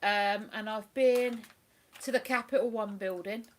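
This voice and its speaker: A woman from England hosting a casual livestream chat, rambling and cooing softly to her dog between remarks. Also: medium pitch, fairly even intonation, a little slow. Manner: chatty, drops to soft cooing baby talk with her dog. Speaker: livestream host.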